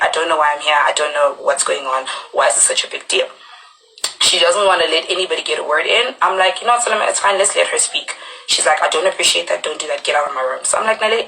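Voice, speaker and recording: Bright-voiced woman recounting a quarrel. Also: poor audio. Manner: animated storytelling, acts out quotes with sharp jumps in pitch. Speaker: reality show cast member on a live stream. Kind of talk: recounting a conflict on a live stream.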